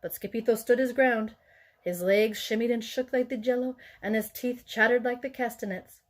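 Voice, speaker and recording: A woman teacher reading a children's picture book aloud. She reads in an expressive, playful way with a fairly high voice. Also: moderate pace. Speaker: elementary school teacher.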